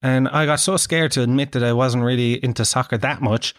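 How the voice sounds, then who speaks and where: A man's voice: medium pitch, steady tone, brisk, dry recording. Irish male podcast host, 30s, rambling self-mocking comic monologue, dry close-mic sound.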